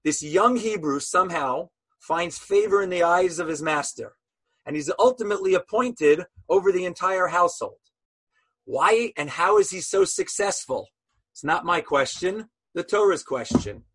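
A man's voice: sits high, lively intonation, moderate pace, a bit bright, slightly rough. A man teaching a Torah lesson as a sermon, telling stories animatedly and asking rhetorical questions.

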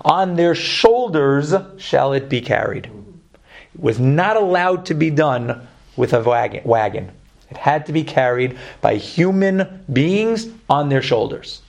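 A man with a Brooklyn accent teaching a Torah class, lively, joking and putting questions to his students. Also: on the high side, slow, gravelly.

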